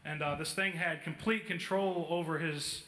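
A man's voice: on the high side, steady tone, normal speed, pushed and bright. A man preaching in a church, telling a story casually with many fillers. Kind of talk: sermon storytelling. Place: church hall. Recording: echoey church hall.

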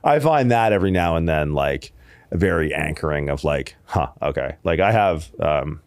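A man's voice: very deep voice, lively intonation, moderate pace, clean tone, no echo. A man, a podcast guest, telling stories in a loose, rambling way, full of fillers and swearing. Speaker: podcast guest, strength coach. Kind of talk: casual storytelling chat.

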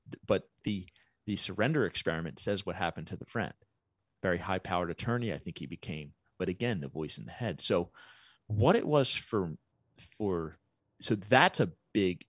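Lively, thoughtful man on a podcast. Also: deep voice, no echo, studio quality. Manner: thoughtful, explains with everyday analogies. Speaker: podcast guest, business owner. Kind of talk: reflective conversational interview.

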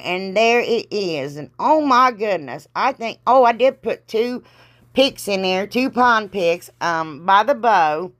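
A woman's voice: mid-range voice, a bit bright. A middle-aged woman with a Southern drawl talks through a crafting tutorial in a loose, rambling, casual way. Her voice sounds a little congested from allergies, and she scatters folksy exclamations and self-deprecating jokes as she goes. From Ohio, US. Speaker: crafting vlogger.

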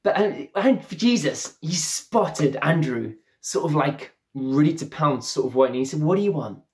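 Storytelling preacher with a slightly high voice. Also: male voice, measured pace. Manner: storytelling, acts out the characters' lines. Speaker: pastor. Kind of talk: sermon. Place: church, streamed online service.

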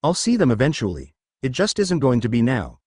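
A man voicing a brash, cheerful young male hero in a storybook reading, with a loud, brash manner. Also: medium pitch, huge pitch swings, a little fast, breathy edge, no echo, clean studio sound. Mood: determined.

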